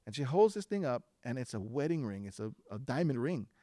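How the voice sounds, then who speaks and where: A man telling a personal story on stage before a live audience, relaxed and chatty, with fillers and restarts. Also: medium pitch, a little fast, no echo, clean studio sound. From Hawaiʻi.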